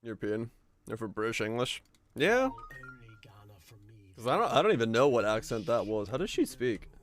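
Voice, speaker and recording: A man's voice: medium pitch, very animated, moderate pace, soft background music. A man streaming a game and chatting casually with his viewers, musing and rambling as he answers their comments. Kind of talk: casual stream chat while gaming.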